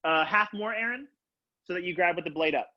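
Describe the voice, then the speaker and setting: A young man teaching a color guard class over a video call from his home, upbeat and casual, counting out loud and coaching students by name. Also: high-pitched, a little fast. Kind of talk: live online class instruction. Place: home room, on the floor. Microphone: laptop webcam on a video call. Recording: dull lo-fi video call audio.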